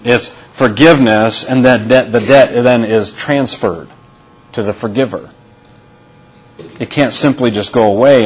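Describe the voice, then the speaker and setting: Guy pastor giving a sermon, kinda husky, slow and deliberate, says the big points twice. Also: medium pitch, highs cut off. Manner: deliberate, repeats key phrases for emphasis.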